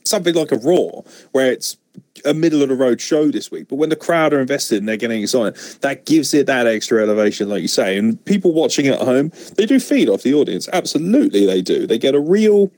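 A man's voice: mid-range voice, sing-song, fairly quick, darkish tone, no echo, clean studio sound. Swearing, rambling man in casual chat. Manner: rambling, swears a lot, laughs often. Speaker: podcast co-host.

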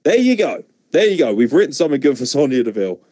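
A man riffing in a casual podcast chat, animated and opinionated, with plenty of swearing. His voice sits at an ordinary middle pitch. The recording is dry and close to the mic. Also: fast, no room sound. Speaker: podcast co-host.

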